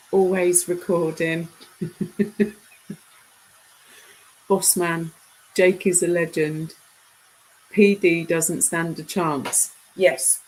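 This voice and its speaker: A woman's voice: lowish voice, a little mellow, poor audio. A woman chatting casually on a live stream, reading viewers' comments and bantering with them, laughing often.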